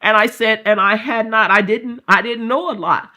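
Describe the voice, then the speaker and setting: A middle-aged woman recounting her conversion story with a bright, clear voice. She tells it like a storyteller, acting out what others said, full of fillers and repeats, and lifts into loud fervent passages. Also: on the high side, normal speed. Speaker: guest sharing her faith testimony. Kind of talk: emotional personal testimony.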